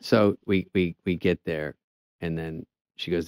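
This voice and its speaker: A male comedian telling casual anecdotes on a talk show, dry and quick, dropping into voices for the people in his stories. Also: deep voice, fairly even intonation, darkish tone, clean tone, no echo. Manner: dry storytelling, mimics others in quick voices. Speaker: comedian guest.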